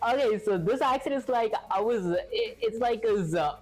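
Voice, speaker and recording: A woman's voice: on the high side, lively intonation, a little slow, darkish tone, soft background music. A woman hosting a casual live stream while she codes, chatty and giggly, thinking aloud and answering viewer comments. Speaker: live-stream host learning to code.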